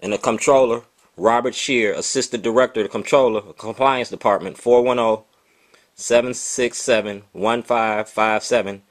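A man's voice: medium pitch, fairly even intonation, normal speed. A man, speaking insistently to camera as he shows documents and addresses officials with his grievances. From Baltimore, USA. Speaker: self-made video diarist.

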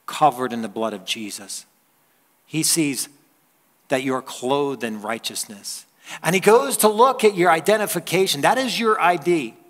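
A male pastor with a fairly high, fairly bright voice delivers a conversational sermon, telling stories and laughing along with the congregation. He's in a church hall, and the recording carries the hall's long reverb.

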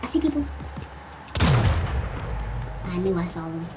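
In this in-character gaming commentary, a woman plays a shooter as a cranky, foul-mouthed pit bull puppy, grumbling, whining and swearing throughout. She speaks slowly in a lowish voice with big pitch swings, and the very noisy recording puts her far back under loud gunfire.

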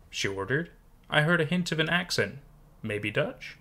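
A man's voice: mid-range voice, animated, fairly quick, pushed and bright. A man reading a first-person horror story aloud, with dramatic, suspenseful narration.

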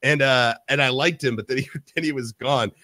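A man co-hosting a TV podcast in casual chat, animated, swearing and acting out quotes. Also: medium pitch, a little fast, no room sound, studio quality. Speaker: podcast co-host.

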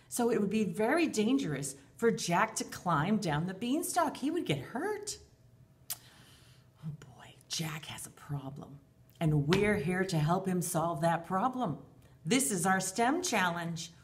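A woman teacher reading a storybook and leading a lesson for young children, speaking expressively in a sing-song way and calling herself by name in the third person. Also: medium pitch. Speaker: preschool teacher.

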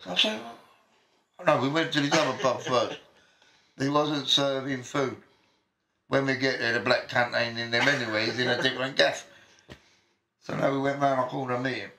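A man's voice: medium pitch, moderate pace, long pauses. A man telling a rowdy anecdote, swearing freely and acting out what everyone said. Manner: profane, animated, acts out quoted voices. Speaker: storyteller. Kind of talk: casual anecdote.

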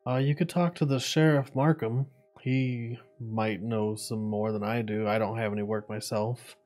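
A man's voice: fairly low pitch, fairly even intonation, normal speed, darkish tone, soft background music, lightly acted. A man voicing a sleepy, friendly shopkeeper who bargains shrewdly. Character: sleepy middle-aged male shopkeeper, friendly haggler.

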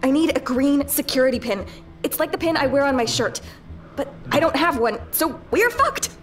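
Jittery young worker girl, hesitant, lively voice, game character. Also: sits high, moderate pace. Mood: uneasy. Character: nervous young female staff worker.

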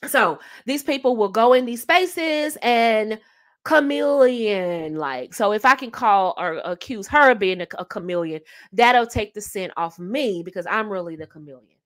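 A woman's voice: medium pitch, animated, a little slow, fairly bright tone. A woman hosting a casual advice talk on dating, emphatic and fond of repeating her key phrases with rhetorical asides. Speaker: host giving dating advice.

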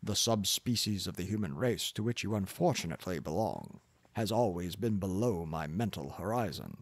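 A man's voice: low voice, expressive, normal speed, breathy edge, no room sound, full character voice. A man voicing a pompous, arrogant older professor who lectures in a condescending manner. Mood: lecturing.

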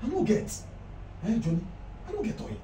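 Acting in a comedy skit, a man with a Nigerian accent portrays a broke fellow who stammers as he pleads with a friend. The voice is very high-pitched yet dark in tone, sing-song and brisk, carrying a pleading mood. It was recorded in an echoey room from a distance, with background noise audible.

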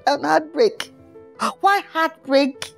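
A man's voice: very high voice, slow pace, vocal fry, heavily acted. A man with a Nigerian accent playing a heartbroken young musician who is dramatic and whiny, in a Nollywood film. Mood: distraught. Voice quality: excitable, wailing, melodramatic. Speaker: actor. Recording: light background music.

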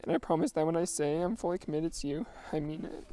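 A man's voice: fairly high pitch, fast talker, dark tone. A young man reading his wedding vows, tearful and laughing nervously between lines. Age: young adult. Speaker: groom.

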